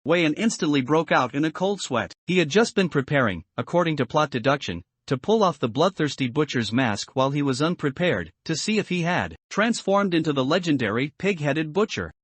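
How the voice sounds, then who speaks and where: A man reading a scripted horror comic recap in a steady, even storytelling manner. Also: on the high side, brisk, hardly any pauses, breathy edge, no room sound. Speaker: narrator.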